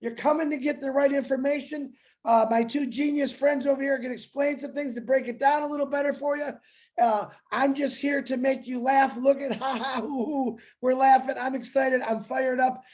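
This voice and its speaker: A man on a video call, co-hosting an online webinar, excitedly chatting, joking and shouting out greetings to viewers. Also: very high voice, moderate pace. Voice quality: jokey, hyped, shouts names.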